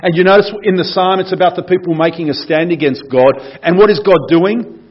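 Husky-voiced preacher. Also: male voice, sits high, a little fast, lo-fi sound. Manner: conversational, explains and asks the congregation questions. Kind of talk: casual sermon with Bible reading. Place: church.

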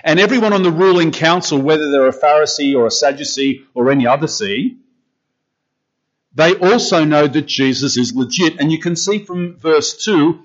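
A man preaching a conversational sermon as pastor, questioning the congregation and repeating phrases as he thinks aloud. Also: on the high side. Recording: dull lo-fi recording.

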